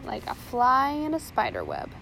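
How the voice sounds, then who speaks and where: A clumsy pirate mate, as a woman puts him on in a storybook, loud and eager, tripping over his words whenever he gets flustered. The voice sits a little high. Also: huge pitch swings, normal speed, gravelly, a little hiss or hum, exaggerated voice, rough recording. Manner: loud, fumbling, stammering.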